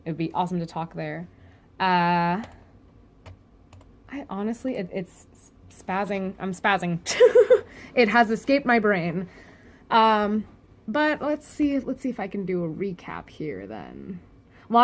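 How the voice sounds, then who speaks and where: A woman's voice: medium pitch, sing-song, a little slow. A woman casually reviewing a comic chapter, chatty and full of fillers and restarts.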